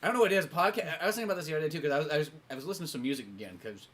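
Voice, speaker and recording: A man's voice: on the high side, racing, fairly bright tone. A man co-hosting a podcast in a casual, joking, profane way. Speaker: podcast co-host. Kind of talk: casual chat.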